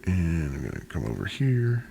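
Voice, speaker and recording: Deep-voiced man vlogging from a bike. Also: very animated, moderate pace, creaky, mellow. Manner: rambling, chatty, self-deprecating asides. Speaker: cycling vlogger. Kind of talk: casual narration while riding a bike. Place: outdoors on a city bike trail and streets. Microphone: bike- or body-mounted action camera. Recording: outdoor wind and traffic noise.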